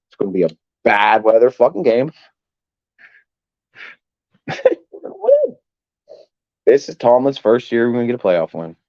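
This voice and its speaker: A rambling, profane man, talking to his livestream chat in a lowish voice and coughing now and then. The sound is dull and completely dry, close to a cheap home mic. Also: no echo. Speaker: sports fan livestream host.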